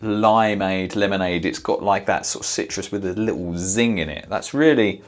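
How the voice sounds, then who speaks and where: Low-voiced man thinking aloud on fragrances. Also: moderate pace, faint music behind. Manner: thinking aloud, hesitant with many fillers; sniffs and reacts in the moment. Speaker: fragrance reviewer. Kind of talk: casual product review.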